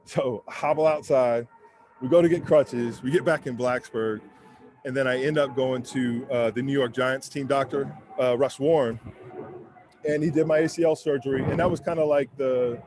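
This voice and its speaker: A man in his forties speaks in a mellow, darker tone at an ordinary pitch, telling stories in a relaxed, candid way. He leans on casual fillers and slips into other people's voices as he recounts his football days on an outdoor rooftop, with faint noise behind him. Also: moderate pace. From United States. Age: 40s. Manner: laid-back and candid, heavy on fillers like "man" and "you know". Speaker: interview guest, former pro football lineman. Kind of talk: casual storytelling interview.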